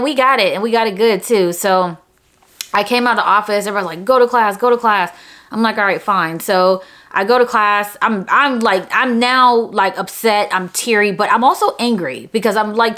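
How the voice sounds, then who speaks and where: Animated woman vlogger telling a story. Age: adult. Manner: animated, jumps to high pitch when quoting herself. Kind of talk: casual storytelling to camera.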